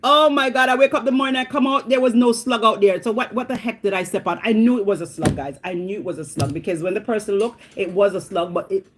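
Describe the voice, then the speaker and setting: A woman's voice: medium pitch, fast talker, hardly any pauses, noisy background. A middle-aged woman from Jamaica with a Jamaican accent, vlogging in a casual, dramatic storytelling chat. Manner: animated, dramatic, exclamatory storytelling.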